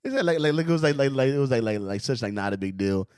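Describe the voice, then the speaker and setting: A man reacting to a clip, laughing often and talking in loud, slangy disbelief. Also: medium pitch, animated, rapid-fire, smooth. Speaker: streamer reacting to a video. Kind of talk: casual reaction commentary.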